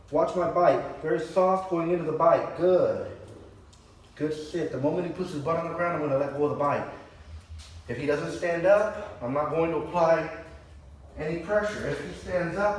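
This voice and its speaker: A man demonstrating dog training and calmly explaining each step, with sudden high-pitched bursts of excited praise. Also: a little hiss or hum. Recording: echoey, distant camera mic.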